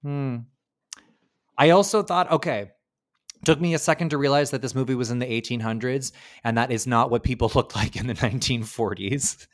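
Young male podcast co-host, lively and sweary, acts out bits. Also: mid-range voice, moderate pace. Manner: animated, swearing, acts out quotes. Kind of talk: casual film chat.

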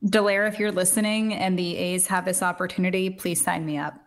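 A woman hosting a sports podcast in casual back-and-forth chat. She sounds bubbly and playful, tossing in quick asides as she talks. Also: fairly low pitch, flat delivery. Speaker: podcast host.

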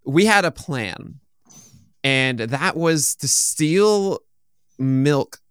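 A man hosts a casual talk and shares stories in a loose, rambling way. His voice is smooth and clear, at a middle pitch. The recording is dry and close. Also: very slow, no echo. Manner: relaxed, rambling storytelling. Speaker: host. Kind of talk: casual chat.

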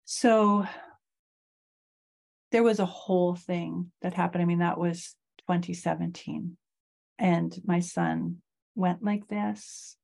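A middle-aged woman speaks slowly and reflectively, her low voice dark and mellow. There is a gravelly fry through her words, and her pitch stays fairly even as she tells a personal story. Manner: slow, reflective telling of a grief story. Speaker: guest.

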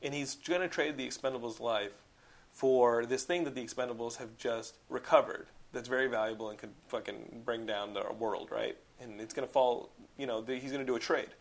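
A man's voice: mid-range voice, a little fast. A man in casual chat reviewing films, rambling with lots of "like" and swearing. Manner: rambling, heavy use of "like", profane and animated. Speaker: podcast co-host reviewing films.

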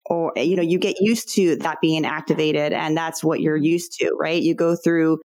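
Woman interviewer, lower pitch, reflective casual talk, dry close recording. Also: steady tone, normal speed, darkish tone, dry recording. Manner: reflective, thinks aloud with repeats. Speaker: interview host.

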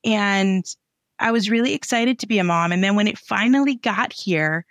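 A woman with a Midwestern accent, a guest author chatting in an interview, bubbly and animated. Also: mid-range voice, moderate pace, no room sound, muffled recording. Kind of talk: casual interview chat.

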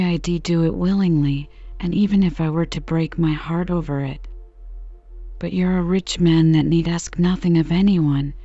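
A woman's voice: fairly low pitch, warm tone, no room sound, dull audio, lightly acted. A woman reading as a proud defiant young village woman.

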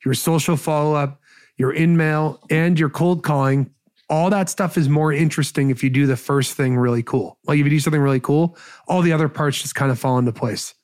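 Guy with a kinda high voice rattling off sales advice, rambly and excited. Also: a little fast. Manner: energetic, rambling with restarts. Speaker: podcast guest, sales expert. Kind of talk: casual advice talk.

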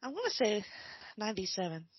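A woman co-hosting a podcast, musing in casual chat while watching a film, often trailing off softly. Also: medium pitch, sing-song, brisk, breathy edge, no room sound, dull audio. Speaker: podcast co-host. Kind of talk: casual chat during a movie watch-along.

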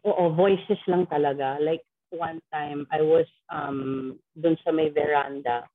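A woman's voice: low-pitched, steady tone, takes it slowly, no echo. A middle-aged Filipino woman in casual chat, mixing English and Tagalog as she tells a ghost story and acts out quoted voices. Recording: tinny phone-like line.

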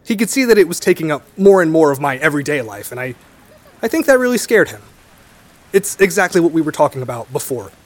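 Thoughtful young man with a lively voice. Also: a little high, quick pace. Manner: thoughtful, hesitant. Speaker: storyteller guest. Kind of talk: reflective conversation.

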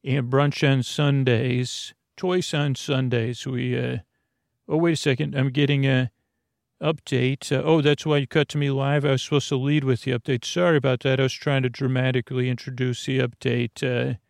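A man voicing a bumbling male field reporter who rushes a live report and keeps getting flustered. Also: mid-range voice, level tone, vocal fry, no echo, clean studio sound, lightly acted. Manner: rushed, flustered newsreader delivery.

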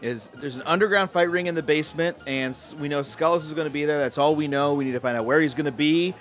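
A man's voice: fairly high pitch, fast, faint music behind. A man playing a tabletop game, hesitant and rambling as he describes actions. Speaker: player.

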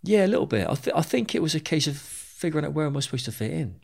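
A British man who was once a soldier tells his own story to an interviewer. His voice is gravelly with a rough, fry-laden edge. He speaks frankly, swears freely and often repeats himself mid-sentence. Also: a little high, big pitch swings, very fast, a little mellow. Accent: British English. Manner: candid and plain-spoken, swears freely, repeats words as he goes. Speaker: interview guest, former soldier.

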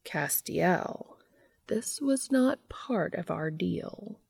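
A sinister, petulant entity taunts in a hushed sing-song half-whisper, dragging its words out slowly, as a woman reading a fan fiction story puts it on. The voice sits low with a gravelly fry. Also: lively intonation, no room sound, clean studio sound, full character voice. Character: mocking shape-shifting entity, sinister, petulant. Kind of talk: fan fiction read aloud.

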